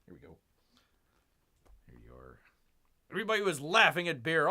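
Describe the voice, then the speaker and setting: A man hosting a casual livestream, rambling and talking about himself in the third person, his voice swinging from loud to a near-mumble. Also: on the high side, animated, moderate pace. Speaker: livestream host. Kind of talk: casual live-stream chat.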